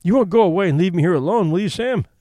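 A man's voice: sits high, animated, fast, warm tone, no echo. A man doing a fretful, whiny small-time crook. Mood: anxious. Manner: anxious, whiny pleading. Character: nervous bungling male kidnapper, gruff and fretful.

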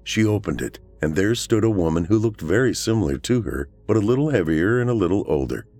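A man reading a horror story aloud as the show's narrator, in a measured storytelling manner. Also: lowish voice, lively intonation, darkish tone, soft background music.

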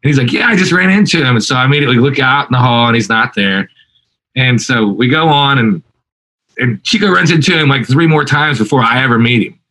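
A man, a guest musician, telling an animated story in a casual interview, with many fillers and restarts. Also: medium pitch, brisk, low-quality recording.

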